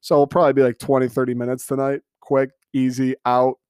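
With a medium-pitched, monotone delivery, a podcast host in his twenties rambles through his casual solo show, sarcastic and self-mocking while he has the hiccups. He talks a little fast, and his tone is clean and darkish. There's no room sound, just clean studio audio.

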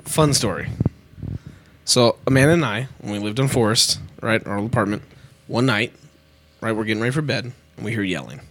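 A young man in casual chat, telling an animated story full of swearing. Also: on the low side, brisk. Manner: animated, swearing, laughing anecdote teller. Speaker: podcast co-host.

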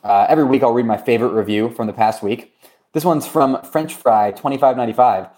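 A man with a medium-pitched voice hosts a laid-back podcast over a remote recording, talking fast and cracking jokes as he runs through promos and shout-outs. His casual chat is loose and playful, and teasing asides to his co-host keep the segment moving.

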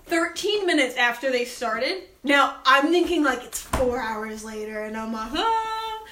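A young woman in casual chat, telling animated stories and acting out what people said, swearing freely. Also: a little high, unhurried. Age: young adult. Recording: echoey room with faint noise.

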